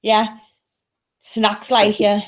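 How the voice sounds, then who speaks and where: A woman's voice: mid-range voice, monotone, drawn-out words. A woman with an English accent chatting casually on a live stream and cooing to her pet. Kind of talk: casual chat.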